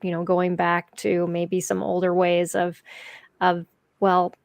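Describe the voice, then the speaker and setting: A woman's voice: fairly low pitch, monotone, slow pace, vocal fry, no room sound. Host, woman, dry close sound, thoughtful, affirming interviewer. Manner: thoughtful, affirming, asks follow-up questions. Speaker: podcast host. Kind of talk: conversational interview.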